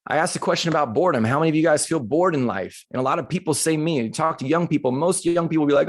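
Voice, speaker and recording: A middle-aged man giving a motivational talk to a live audience, telling a personal story in an animated, conversational way that turns emotional. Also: on the high side, fast talker, hardly any pauses. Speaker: motivational speaker. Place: live retreat session.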